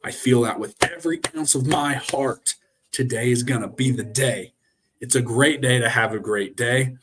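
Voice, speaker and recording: Speaking at normal speed in a mid-range voice, this young man is heard over a noisy background. He hosts a casual sports live stream on his webcam, looking into the camera as he rants, rambles, and restarts with lots of filler words.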